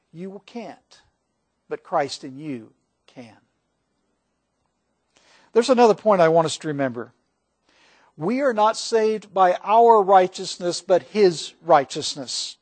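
A man's voice: high-pitched, lively intonation, unhurried, pauses often, a little mellow. A man pastor delivering a sermon to his congregation, earnest, rising when he reads scripture. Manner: earnest preaching, swells for quoted scripture. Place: church sanctuary.

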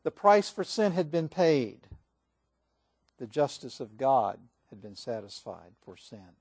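A male pastor preaching a sermon, reading scripture aloud and moving between swelling emphasis and hushed passages. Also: medium pitch, very animated, takes it slowly, husky, dry recording.

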